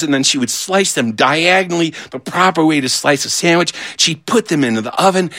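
A man telling a funny childhood story in an animated, playful way, swooping between low and high. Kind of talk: humorous personal storytelling.

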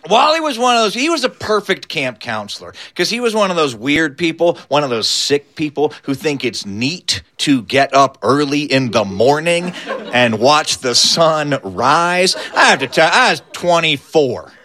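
Lively, high-voiced male storyteller. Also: normal speed. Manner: animated, building to punchlines. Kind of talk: told comic story.

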